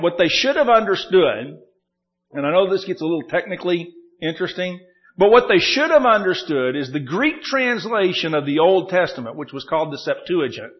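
A man preaching a sermon, teaching verse by verse and slowing down to lift up the quoted lines. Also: on the high side, muffled recording. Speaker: pastor.

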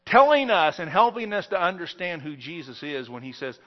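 High-voiced emphatic male preacher. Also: very animated, dull audio. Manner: emphatic preaching with wide swings in loudness and slow stressed phrases. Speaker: pastor. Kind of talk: sermon.

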